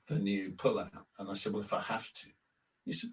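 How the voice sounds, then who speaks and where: An older man sits a little back from the microphone, so his lowish voice sounds distant. He tells long anecdotes in a relaxed interview, acting out old conversations and restarting his sentences often. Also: fairly quick. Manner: anecdotal, acts out quoted exchanges, frequent restarts. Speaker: interview guest, former club announcer and editor. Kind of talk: storytelling in a relaxed podcast interview. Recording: distant from the mic.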